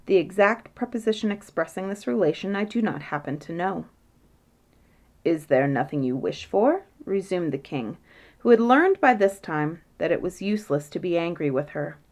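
A woman narrating a bedtime fairytale in a measured, gentle reading voice. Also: fairly low pitch, expressive. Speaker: storyteller.

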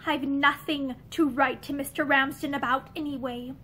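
A woman's voice: high-pitched, fairly even intonation, normal speed, pushed and bright, slight background noise. A woman reading the part of a proud young wife who answers coldly and obstinately in a novel read aloud. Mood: defiant. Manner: cold and obstinate.

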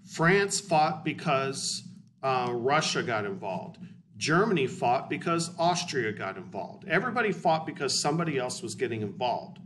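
A man's voice: medium pitch, sing-song, normal speed, a bit bright. A male history teacher giving a casual, blunt, conversational lecture in a classroom. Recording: distant mic with faint hiss.

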